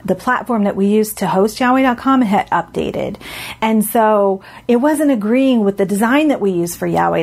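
A woman speaking to a congregation, telling a story in a lively way and acting out her own reactions with sudden high jumps in her voice. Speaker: speaker at a religious gathering.

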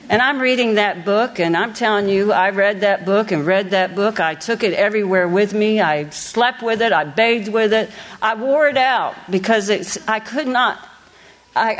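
A middle-aged woman speaking to a congregation, telling a personal testimony in an earnest, folksy preaching manner with quoted asides. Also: mid-range voice. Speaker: church speaker.

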